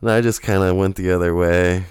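Low-voiced, profane man telling a rambling story. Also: normal speed, smooth, no room sound, clean studio sound. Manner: profane, rambling and animated, with frequent laughter. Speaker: podcast co-host. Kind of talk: casual storytelling chat.

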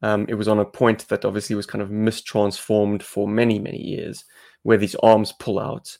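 A man's voice: on the low side, completely flat delivery, moderate pace, a little mellow. A South African man co-hosting a podcast, chatting casually and explaining things at length. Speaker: podcast co-host.

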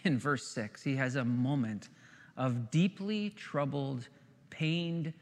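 A man preaching a sermon as a pastor, earnest, with dramatic pauses and hushed key words. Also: mid-range voice. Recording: long hall reverb.

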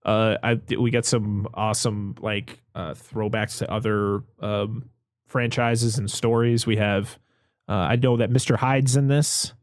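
A man's voice: lowish voice, steady tone, a little slow, dry recording, studio quality. A man co-hosting a casual movie podcast, chatty and given to exasperated rants. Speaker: podcast co-host.

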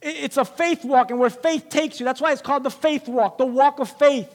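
A man's voice: very high-pitched, steady tone, fairly quick, big-room sound. A man preaching a sermon, emphatic and repetitive, asking the listeners rhetorical questions.

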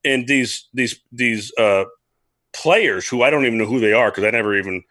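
A man's voice: mid-range voice, normal speed, bright, forceful tone, no room sound. A man, a former baseball player, chatting enthusiastically and telling locker-room stories. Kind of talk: casual chat.

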